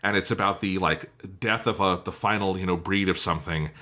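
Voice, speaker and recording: Enthusiastic man with a bright voice. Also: sits low, steady tone, fairly quick. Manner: enthusiastic, swears casually, laughs often. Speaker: podcast co-host. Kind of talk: casual review chat.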